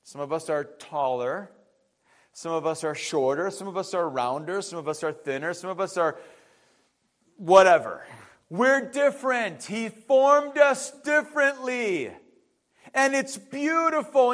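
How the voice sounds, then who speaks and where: A man preaching a sermon in a conversational way, with dramatic pauses and acted-out quotes. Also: very high voice, fairly bright tone. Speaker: pastor.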